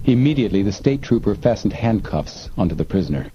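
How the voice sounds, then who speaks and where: A man reading an adventure story aloud in a measured, even way, in a dull recording with faint hiss. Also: lowish voice. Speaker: audiobook narrator. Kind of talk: scripted narration.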